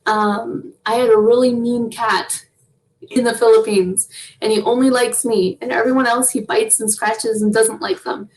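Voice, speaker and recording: A young woman chats easily as an interview guest. Her voice sits a little high, and she laughs often between phrases as she tells her stories. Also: fairly even intonation, normal speed, distant mic, rough recording. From Canada. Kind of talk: casual interview chat.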